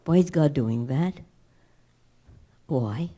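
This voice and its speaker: A woman's voice: low-pitched, animated, takes it slowly, warm tone. A woman teaching a Torah class, telling the story dramatically with emphatic rhetorical questions and acted-out quotes.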